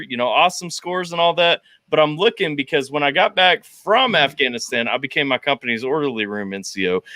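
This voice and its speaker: A man co-hosting a casual podcast, telling army stories with profanity and animated, high-pitched quoting. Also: no room sound. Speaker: podcast co-host, army veteran. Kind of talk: casual storytelling chat.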